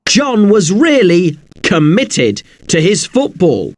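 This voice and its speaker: A man with a high, lively voice teaches an English spelling lesson. He talks slowly and spells words out letter by letter. The recording is dry and close. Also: dry recording.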